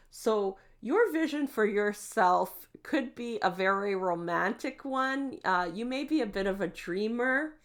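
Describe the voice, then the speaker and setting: A woman giving a tarot card reading, gentle and reassuring, with frequent fillers and "okay?" check-ins. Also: fairly low pitch, vocal fry. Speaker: tarot reader.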